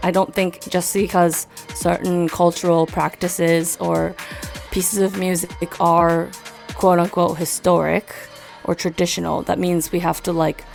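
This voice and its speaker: A woman's voice: fairly low pitch, creaky. A young woman who grew up in Japan, chatting casually as an interview guest and telling stories with lots of fillers. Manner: animated storytelling with fillers. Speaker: musician guest.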